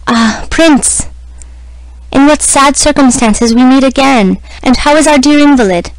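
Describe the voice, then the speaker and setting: A woman voicing a middle-aged aristocratic mother who is anxious, imploring and gently insistent. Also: high-pitched, a little slow, dry recording, voice pushed up, low-quality recording.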